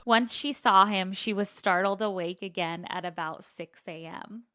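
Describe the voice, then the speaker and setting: A woman's voice: mid-range voice, moderate pace, pushed and bright, no room sound, studio quality. A woman co-hosting a casual podcast, reading a listener's email aloud and laughing easily. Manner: laughs easily, gets choked up. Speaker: podcast co-host.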